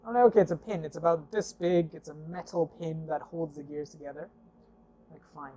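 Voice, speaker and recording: His voice is a little high and his delivery brisk. As a guest recounting car stories, he relates a casual anecdote, voicing the dialogue animatedly with lots of fillers and "I'm like."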